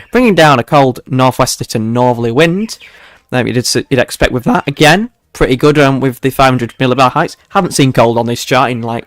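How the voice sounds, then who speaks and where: A young man hosts a relaxed livestream weather forecast, chatting with his viewers and poking fun at himself between chuckles. His voice sits in an ordinary middle pitch. It is recorded close and dry, with almost no room sound. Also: no echo. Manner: chatty, self-mocking, chuckles often and talks to his viewers.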